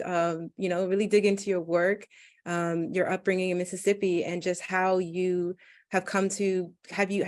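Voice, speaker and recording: A woman moderating a Q&A, talking in a chatty way with many fillers. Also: lowish voice. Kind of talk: casual interview hosting.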